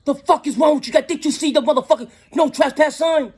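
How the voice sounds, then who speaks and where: A man voicing an angry male landowner who rides up on an ATV, cursing and yelling at trespassers. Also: extremely high pitch, a little fast, pitched above the performer's own voice. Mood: furious. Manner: shouting profanity, aggressive.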